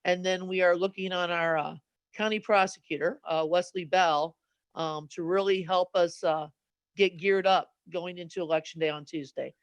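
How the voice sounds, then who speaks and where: Woman, emcee, high smooth voice, dry sound, hesitant delivery. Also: steady tone, no echo, muffled recording. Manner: halting, many fillers. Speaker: event emcee. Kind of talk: event hosting.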